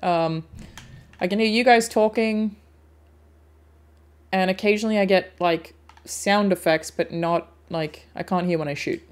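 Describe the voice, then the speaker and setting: A woman's voice: fairly low pitch, measured pace, long pauses. A woman streaming a video game and chatting casually with friends, laughing often and talking to her viewers. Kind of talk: casual gaming chat with friends.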